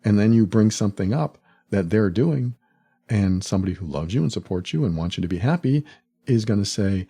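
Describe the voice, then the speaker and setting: Guy with a lowish warm voice doing a solo podcast, thoughtful, acts out what people say. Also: lively intonation, fairly quick, slightly rough. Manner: reflective, acts out quoted lines with sudden higher pitch; laughs at the absurdity. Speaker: podcast host.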